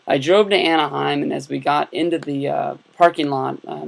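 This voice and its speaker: A man's voice: medium pitch, gravelly. A man in his thirties telling a rambling, casual vlog story full of fillers and restarts. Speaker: YouTube vlogger.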